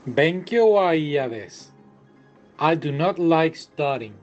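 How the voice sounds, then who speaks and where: A man's voice: fairly high pitch, expressive, unhurried, highs cut off, soft background music. A man working through a language app lesson, chatty and often repeating and correcting himself. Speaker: language tutor. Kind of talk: casual lesson walkthrough.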